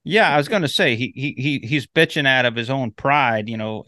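A podcast co-host chats casually in a medium-pitched male voice that sounds pushed and bright, moving at a normal speed with hardly any pauses. He rambles with lots of fillers, restarts and some swearing. The studio sound is clean with no echo.

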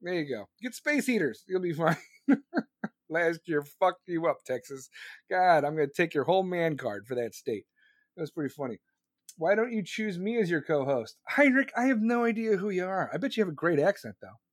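Stream host guy ranting, sarcastic and swearing, slightly high voice, dry mic. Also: lively intonation, fairly quick, no room sound. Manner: crude, sarcastic, rambling. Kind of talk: casual profane rant.

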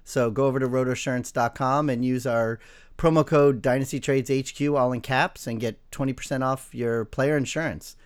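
A man's voice: medium pitch, steady tone, normal speed, clean tone. A man hosting a fantasy football podcast in a casual, easygoing way, laughing often. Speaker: podcast host.

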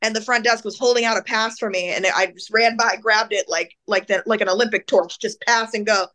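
A woman speaking as an interview guest, telling an emotional personal story in casual, animated speech full of "like"s and acted-out voices. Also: mid-range voice, brisk. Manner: animated, acts out the voices of people in her story; casual, filler-heavy speech with many "like"s.

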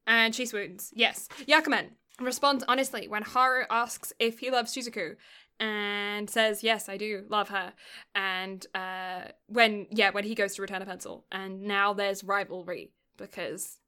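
Bright-voiced young woman, rambling storyteller. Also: mid-range voice, steady tone, a little slow, clean tone. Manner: rambling storyteller, often laughing mid-sentence. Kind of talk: casual chat.

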